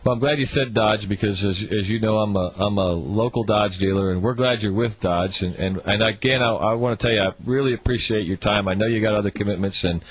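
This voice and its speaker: A man's voice: fairly low pitch, brisk, hardly any pauses, rough recording. A man hosting a talk radio show, chatty and often stumbling over his words.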